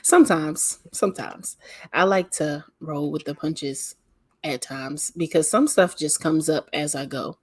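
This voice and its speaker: A woman hosting a podcast in casual chat, asking questions in a soft, laid-back way. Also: low-pitched, unhurried, breathy edge, dry recording. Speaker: podcast host.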